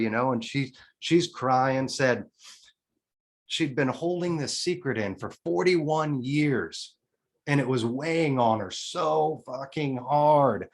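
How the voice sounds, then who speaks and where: A man's voice: fairly high pitch, lively intonation, a little slow. Candid man in his forties telling his story. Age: 40s. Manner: candid and emotional, with casual swearing and restarts. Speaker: podcast guest. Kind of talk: personal storytelling.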